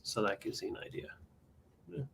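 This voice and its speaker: A man's voice: a little fast, a bit bright. A man co-hosting a live vintage sale, chatting casually as he calls out bids and counts down. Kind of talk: live auction selling chat.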